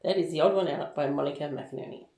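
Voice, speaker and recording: A woman's voice: sits low, quick pace, mellow, echoey room, poor audio. A woman giving a casual book review, candid and chatty, with plenty of ums and likes.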